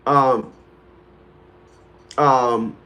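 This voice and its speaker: A man's voice: medium pitch, fairly even intonation, extremely slow, bright, forceful tone. A man in his fifties hosting a talk show, telling a story in a rambling, casual way, repeating words and greeting viewers by name. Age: 50s.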